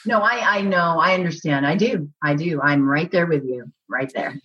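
A woman's voice: sits low, moderate pace, a loud crowd. A woman guest on an interview, chatting in a bubbly, gushing way with lots of restarts and laughter. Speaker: actress guest. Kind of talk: casual interview chat. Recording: muffled lo-fi audio.

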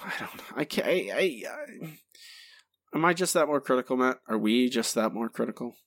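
A man's voice: medium pitch, lively intonation, moderate pace, a bit bright, no room sound. A man co-hosting a podcast, giving a candid, critical spoken review in casual chat, hesitant when unsure. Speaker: podcast co-host, episode reviewer.

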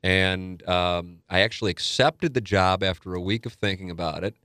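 A man from South St. Louis spins a long anecdote in a relaxed interview. His voice sits on the low side, and he animates the story by acting out the lines of the people in it. The sound is close and dry, with no room echo. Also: normal speed. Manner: animated storyteller who acts out quotes. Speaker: sports radio co-host and guest.

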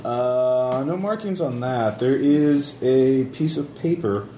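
A man's voice: mid-range voice, slow, dark tone, reverberant, slight background noise. A man narrating a tabletop game as game master, rambling with many fillers and restarts.

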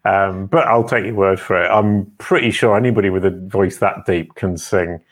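A man's voice: low-pitched, normal speed. A man hosting a casual online interview, chatty and enthusiastic with playful teasing. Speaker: host.

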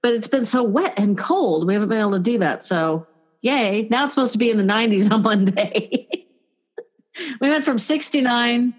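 A woman's voice: fairly high pitch, expressive, normal speed. Chatty woman with joking complaints. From California. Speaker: guest, caregiver. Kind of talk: casual conversational chat.

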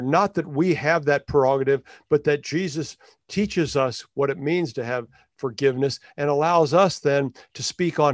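A man's voice: fairly high pitch, no echo, clean studio sound. A man preaching a sermon as a pastor, in a reflective, conversational way, often restarting his phrases.

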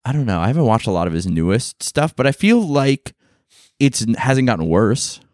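A man co-hosting a casual comedy podcast, animated and swearing casually. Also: medium pitch, normal speed, no room sound, clean studio sound. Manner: animated, swears casually, talks over his partner. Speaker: podcast co-host.

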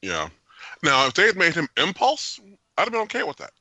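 Bright, dry-voiced man reviewing a film. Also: fairly high pitch, a little fast, no echo. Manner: animated, jokey, opinionated, laughs often. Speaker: podcast host. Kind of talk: casual movie review chat.

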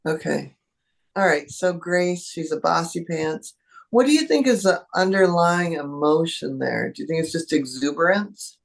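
Gravelly-voiced chatty woman. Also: deep voice, animated, measured pace. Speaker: animal communicator guest. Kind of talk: casual interview talk.

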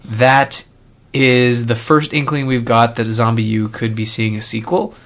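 A man's voice: medium pitch, level tone, measured pace, fairly bright tone. Casual male podcast co-host. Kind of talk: casual chat.

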